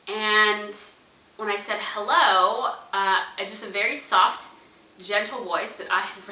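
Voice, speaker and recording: A woman entrepreneur and speaker telling a personal story to an audience in an animated, conversational way. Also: medium pitch, distant mic. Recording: roomy echo, voice a bit away from the mic.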